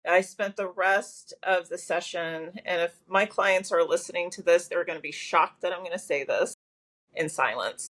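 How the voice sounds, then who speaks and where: A talkative woman with a slightly low voice tells a personal story as a guest on a podcast. She keeps going, full of fillers and restarts. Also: normal speed, fairly bright tone. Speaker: guest, massage therapist.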